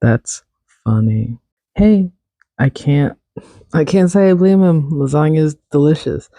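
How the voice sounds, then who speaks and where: A man's voice: a little high, measured pace, mellow, no room sound. A young man hosting a solo podcast, chatting casually and rambling, correcting himself with little laughs. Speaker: podcast host.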